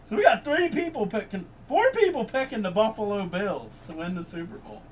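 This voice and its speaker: High-voiced excitable sports podcast host. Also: male voice, fairly quick. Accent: Pittsburgh. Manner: loud, profane, excitable. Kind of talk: casual sports chat. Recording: distant mic with faint background noise.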